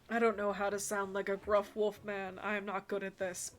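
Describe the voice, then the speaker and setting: A woman's voice: medium pitch, completely flat delivery. A woman streamer reading a dating game aloud with playful, chatty asides. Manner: playful, quick asides with laughter.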